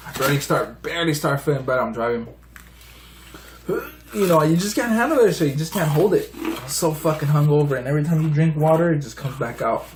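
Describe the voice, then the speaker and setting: A man's voice: fairly high pitch, quick pace, a little hiss or hum, low-quality recording. A man telling a story in a laid-back way, swearing and acting out quotes. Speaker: vlog co-host. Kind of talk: casual couple storytelling.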